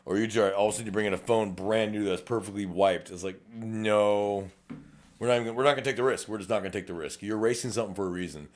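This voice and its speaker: Middle-aged South Texas cop, low voice, rapid and blunt, cursing freely as he co-hosts a chat. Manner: blunt, profane, rapid-fire, acts out quoted exchanges. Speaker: podcast co-host, police officer. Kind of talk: casual chat.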